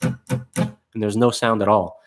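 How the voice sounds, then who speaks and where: Low-voiced male guitar teacher, casual. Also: steady tone, slow. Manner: casual, many fillers and restarts. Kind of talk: live online guitar class.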